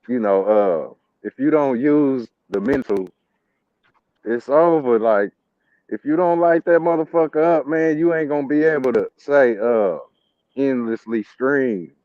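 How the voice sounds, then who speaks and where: A man's voice: medium pitch, dry recording. A man in casual chat, talking in loose, rambling street slang and laughing often. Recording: dull lo-fi sound.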